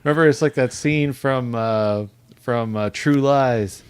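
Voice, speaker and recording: A man joins a casual chat about a show and drawls slowly while tossing in film references. He laughs easily. The mic is close and dry, with a mid-pitched voice. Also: clear, resonant tone, no room sound.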